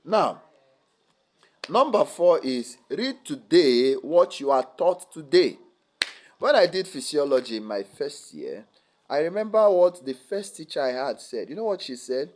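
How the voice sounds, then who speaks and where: A young man speaking at a student seminar, lively and teasing, often checking whether the audience follows. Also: a little high, unhurried. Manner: lively, teasing, asks the audience rhetorical questions. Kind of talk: motivational academic seminar talk.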